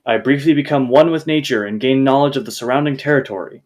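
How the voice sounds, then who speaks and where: A man's voice: mid-range voice, quick pace, a little mellow. A man playing a tabletop game, casually joking and pressing the game master with questions. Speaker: player.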